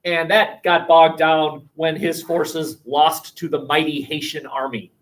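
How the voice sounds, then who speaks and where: A male history teacher giving a classroom lecture, animated and jokey, with many restarts and fillers. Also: a little high, a little slow, distant mic, rough recording.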